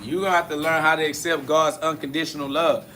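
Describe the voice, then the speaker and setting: Blunt, profane man with a bright voice. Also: on the high side, level tone, quick pace, slight background noise. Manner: blunt, profane, confrontational, repeats catchphrases. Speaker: podcast host. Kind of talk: solo spiritual podcast monologue answering comments.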